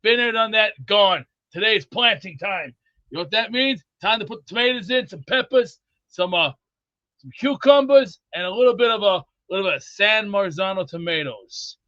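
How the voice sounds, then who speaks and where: A man hosting a rowdy sports call-in show, loud and goofy, often breaking into whooping yells. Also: sits high, animated, normal speed, no room sound, highs cut off. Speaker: sports talk show host.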